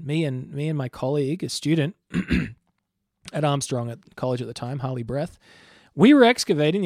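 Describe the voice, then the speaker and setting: A man's voice: fairly high pitch, dry recording, studio quality. A man in his thirties hosting a program, talking conversationally with frequent restarts and personal asides. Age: 30s. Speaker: host. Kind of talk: casual spoken commentary.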